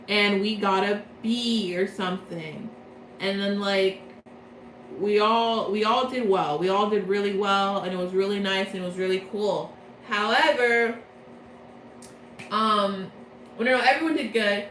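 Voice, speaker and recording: A young woman recapping a plot from memory in a casual, rambling, excitable way, often correcting herself. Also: medium pitch, roomy sound, slight background noise, poor audio. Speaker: video creator.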